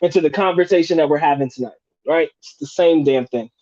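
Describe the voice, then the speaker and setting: A man's voice: fairly high pitch, brisk, darkish tone, muffled recording. A man hosting a live stream, chatting casually and profanely, restarting and rephrasing as he goes. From United States.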